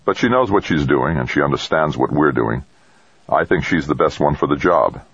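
A man's voice: extremely low pitch, lively intonation, normal speed, fairly bright tone, husky, no echo, exaggerated voice. A man reading an audiobook, voicing a weary mission leader who speaks tightly and solemnly. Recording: dull dry lo-fi recording.

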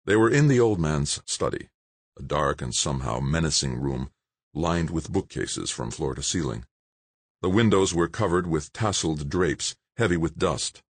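A man narrating a novel in a measured, expressive reading. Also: a bass voice, slightly rough, dry recording. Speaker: audiobook narrator. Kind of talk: scripted narration.

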